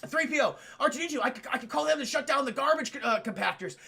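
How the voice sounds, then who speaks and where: A man's voice: very high-pitched, lively intonation, quick pace, creaky, pushed and bright, voice pushed up, exaggerated voice. A man voicing a fussy, nervous male protocol robot who talks in a flustered, hesitant way.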